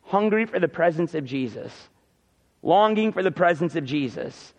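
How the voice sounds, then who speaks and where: A man's voice: on the high side, lively intonation, normal speed. A man preaching a sermon in a casual, conversational way, acting out the lines of biblical characters. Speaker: pastor. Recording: reverberant, dull hall sound.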